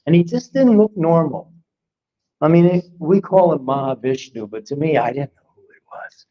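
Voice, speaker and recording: Older man, from Philadelphia, spiritual teacher, storytelling, very expressive pitch, muffled recording. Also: normal speed. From Philadelphia, United States. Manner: animated, acts out his own past lines. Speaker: spiritual teacher giving a class. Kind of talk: personal storytelling in a class talk. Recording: dull lo-fi recording.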